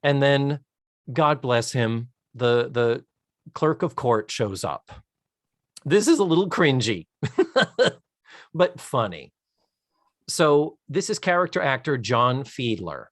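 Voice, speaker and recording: A man co-hosting a podcast, casually retelling a TV episode in an animated way and laughing often. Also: medium pitch, slow pace, pauses often, dry recording, clean studio sound. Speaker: podcast co-host. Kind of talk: casual chat, recapping a TV episode.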